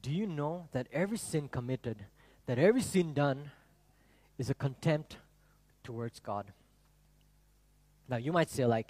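Male pastor, mid pitch, lively sermon delivery, dry close recording. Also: unhurried, pauses often, no echo. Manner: animated, rhetorical, asks the congregation questions. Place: church.

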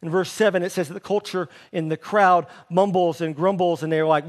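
A man preaching a sermon as pastor, telling the story with animated delivery and briefly voicing the people in it. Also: a little fast, hardly any pauses. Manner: drops to a soft, low voice for emphasis.

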